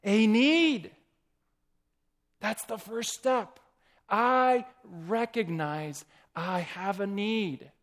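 A man's voice: sits high, drawn-out words, a bit bright. A man preaching a sermon, asking the congregation questions and reading quotations aloud.

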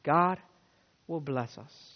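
A man preaching a sermon with dynamic swings between loud urging and hushed words, telling stories with acted quotes. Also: on the high side, takes it slowly. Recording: dull sound with long hall reverb.

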